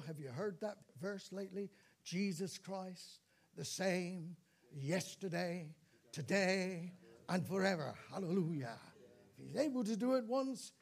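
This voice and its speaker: A man's voice: high-pitched, a little mellow, slightly rough. A man, older, preaching a sermon in a church, telling stories with dramatic repeats and calls of praise.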